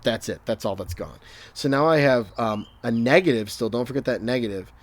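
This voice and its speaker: A man's voice: mid-range voice, brisk. Young guy teacher doing math review at home, jokes around a lot, talks right to the kids. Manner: chatty, jokey, talks to students as he works. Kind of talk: casual recorded math lesson. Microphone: desk microphone.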